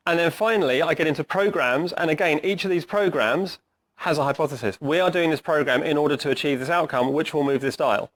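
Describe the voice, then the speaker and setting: Casting note: middle-aged man, slightly high voice, hoarse, coaching a room in a chatty lecture, keeps asking the audience "right?". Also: brisk, fairly bright tone. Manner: conversational, asks the audience questions, says "right?" often. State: hoarse, clearing his throat. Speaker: agile coach giving a talk. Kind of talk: conference talk to a live audience.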